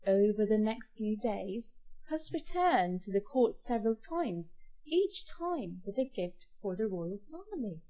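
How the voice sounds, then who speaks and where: A woman narrating a children's fairy tale in an expressive, clear storybook style. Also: mid-range voice, unhurried.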